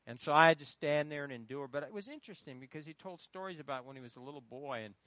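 A man's voice: fairly high pitch, animated, fast, fairly bright tone, dry recording. A middle-aged male pastor preaching a sermon with emphasis, prompting the congregation to call out the missing words. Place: church.

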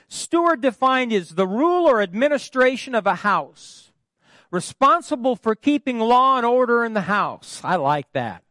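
Pastor guy preaching in church, high voice swinging all over, tosses questions at the crowd, jokey asides, dry sound. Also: very animated, moderate pace, sharp tone, dry recording. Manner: call-and-response with the congregation; folksy asides with humor. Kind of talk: sermon. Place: church, at the pulpit.

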